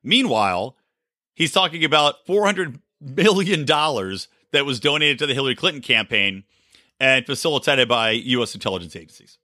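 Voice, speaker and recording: Man, sarcastic political rant, bright lively voice, dry close sound. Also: medium pitch, normal speed, dry recording. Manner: ranting, sarcastic, swears freely. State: short on sleep. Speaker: podcast host. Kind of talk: solo political commentary.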